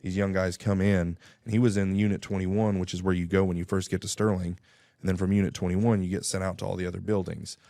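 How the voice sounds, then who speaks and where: Low gravelly dude rambling thru a story, casual, dry mic. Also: male voice, little pitch movement, fast talker, mellow, no room sound. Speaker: guest. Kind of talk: personal storytelling. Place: radio studio.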